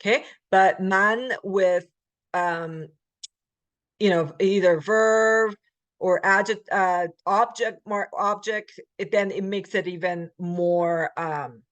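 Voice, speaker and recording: A woman's voice: mid-range voice, fairly even intonation, slow pace, dry recording. Woman explaining Korean grammar, dry sound. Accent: American English. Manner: explains in English, reads Korean example sentences; frequent fillers and self-corrections. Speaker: Korean language instructor. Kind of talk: recorded grammar lecture.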